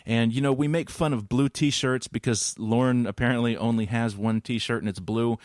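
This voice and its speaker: A man's voice: mid-range voice, steady tone, moderate pace, a little mellow, no room sound, studio quality. A man hosting an interview, talking in an earnest, rambling way with asides. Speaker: host. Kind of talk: podcast interview.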